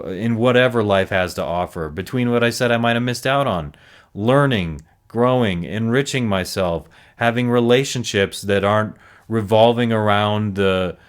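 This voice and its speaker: Low-voiced man reflecting on recovery. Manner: earnest, self-reflective, frequent restarts. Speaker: recovery podcast host. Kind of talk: solo reflective monologue.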